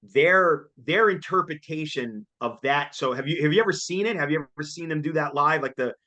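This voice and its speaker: A man, chatting casually as co-host, excitable and jokey and laughing often. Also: fairly high pitch, moderate pace. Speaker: co-host reviewing a concert. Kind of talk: casual chat.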